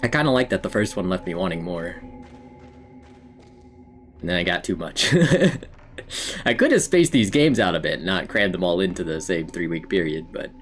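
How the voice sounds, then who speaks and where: A man's voice: low voice, sing-song, normal speed, pauses often, fairly bright tone, faint music behind. A man streaming a horror game, chatting in a casual, rambling way to himself and his viewers and laughing often. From United States. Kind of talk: casual gameplay commentary.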